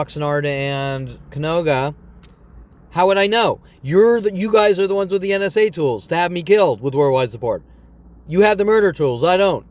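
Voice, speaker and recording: A man's voice: fairly high pitch, clear, resonant tone. A man in his twenties in a rambling monologue vlog, talking in an agitated, repetitive rant full of fillers and restarts. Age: 20s. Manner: halting, full of fillers and self-corrections.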